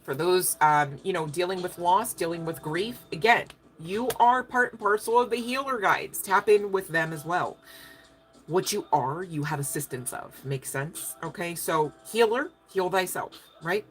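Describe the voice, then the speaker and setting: A woman's voice: on the low side, lively intonation, unhurried, soft background music. A woman giving a casual spiritual tarot reading, emphatic and chatty, often checking in with her listeners and swearing offhandedly. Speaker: tarot reader.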